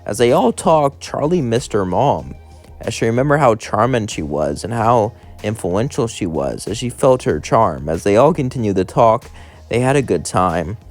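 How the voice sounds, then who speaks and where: Male story narrator, lowish voice, run-on storytelling, faint music bed. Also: big pitch swings, moderate pace. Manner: chains clauses with "as" and "would".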